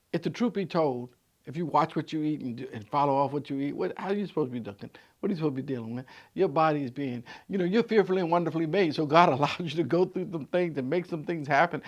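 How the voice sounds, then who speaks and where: A man's voice: animated, fast talker. Older man preaching with a raised voice. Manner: preacherly, swings from loud emphatic peaks to soft low asides; conversational with stammered restarts. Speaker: pastor. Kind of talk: midweek vlog sermon.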